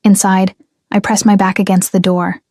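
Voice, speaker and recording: A young woman reading a first-person story in a measured, restrained scripted narration. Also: medium pitch, level tone, a little mellow, no echo, studio quality.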